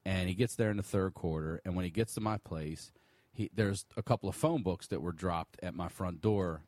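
A man guest on a podcast, telling a long story in a casual, profane, animated way. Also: sits low, normal speed, dry recording. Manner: profane, animated storyteller who laughs often.

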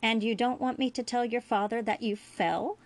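A woman reading as a calm, dry young doctor. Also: on the high side, normal speed, voice pushed up, close to an everyday voice.

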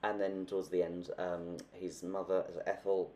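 Low-voiced man chatting about books. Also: flat delivery, moderate pace, mellow, a little hiss or hum. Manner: chatty, acts out quoted characters. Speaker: podcast co-host. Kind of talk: casual book chat.

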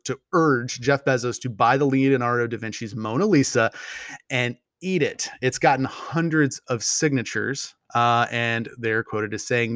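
A man's voice: mid-range voice, fairly bright tone, clear, resonant tone, no echo, clean studio sound. A man hosting a podcast, reading odd news stories aloud and riffing on them with jokes and heavy swearing. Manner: profane, joking, rambling. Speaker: podcast host. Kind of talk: casual news commentary.

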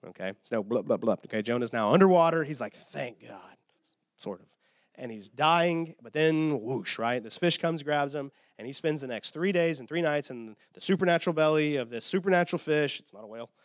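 A male pastor delivers a sermon in a casual, animated storytelling way, often checking in with the listeners. His voice sits fairly high and he sounds a bit tired from short sleep. The sound is dry and close, with no room reverb. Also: fairly quick, hardly any pauses. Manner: animated storytelling, casual asides, repeated "okay?".

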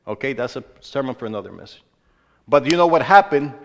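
A man preaching a sermon as a pastor, who moves between hushed storytelling and loud, emphatic exhortation. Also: mid-range voice, animated, fast, creaky. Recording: long reverb of a large hall.

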